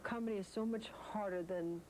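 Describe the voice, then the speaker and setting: A woman actress talking casually in an interview, thoughtful and halting. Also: mid-range voice, steady tone, mellow, a little hiss or hum, poor audio.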